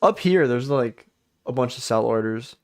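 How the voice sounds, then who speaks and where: Lively, rambling young man streaming trades. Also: medium pitch, moderate pace. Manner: rambling, profane, self-deprecating. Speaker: live-stream futures trader. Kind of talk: casual live-stream commentary.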